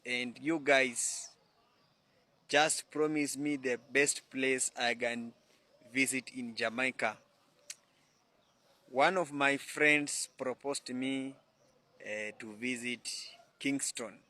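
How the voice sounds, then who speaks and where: Slow, bright-voiced man. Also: mid-range voice, fairly even intonation. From Kenya. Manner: halting, restarts words, affectionate. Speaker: social media commenter. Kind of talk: casual direct-to-camera talk.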